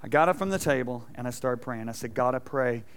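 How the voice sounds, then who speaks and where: A middle-aged man preaching a sermon in a church, telling a personal story with animated asides and questions to the congregation. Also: medium pitch, fast, smooth. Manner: animated storytelling, acting out quotes, asking the audience questions. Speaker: pastor. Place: church sanctuary.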